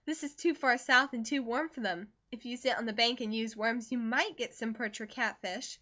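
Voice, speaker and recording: A woman reads as an earnest young country girl, practical and sure of herself. She answers with gentle teasing on a high, bright voice. The sound is slightly muffled. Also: moderate pace.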